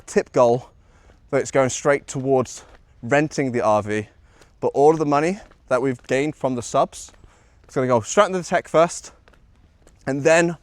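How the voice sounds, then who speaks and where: A young man from Liverpool with a Scouse accent, talking loosely to his live chat. His pitch sits in an ordinary middle range. The sound is dry and close, with almost no room around it. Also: dry recording. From Liverpool, England. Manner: chatty, rambling, with many ums and "bro" and "man". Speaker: IRL livestreamer. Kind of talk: casual live-stream chat reading chat aloud. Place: outdoors in Osaka, early morning.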